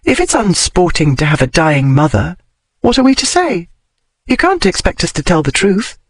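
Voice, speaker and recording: A man reading a storybook voices a clever, bossy young girl who talks briskly. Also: high-pitched, big pitch swings, no echo, voice pushed up, full character voice.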